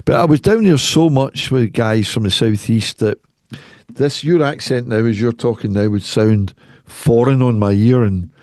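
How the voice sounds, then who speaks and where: A middle-aged Glaswegian man chats as a podcast guest, full of teasing, playful banter. His voice sits at a normal mid pitch and sounds close and dry. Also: moderate pace, a little mellow, dry recording. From west of Scotland. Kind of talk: casual chat.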